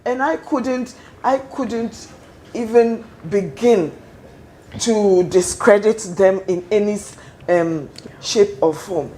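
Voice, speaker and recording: A woman on a webinar panel, thoughtfully giving advice in parables and laughing softly. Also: medium pitch, slow pace, a little hiss or hum, low-quality recording. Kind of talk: casual panel discussion.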